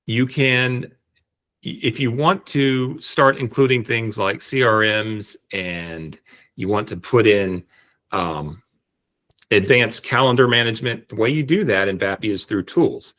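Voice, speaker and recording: A man explaining step by step how to set up an AI voice agent, speaking on a video call in a relaxed, explanatory way. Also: on the low side, unhurried. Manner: relaxed, explanatory, frequent restarts. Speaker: tutorial presenter. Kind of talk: screen-share software tutorial.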